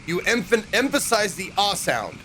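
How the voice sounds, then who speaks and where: Young dude doing a chill let's play, reads the game text out loud, kinda high voice, faint hiss. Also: male voice, sing-song, measured pace. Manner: chatty, reads game text aloud, muses to viewers. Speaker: game streamer. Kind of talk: casual let's-play commentary.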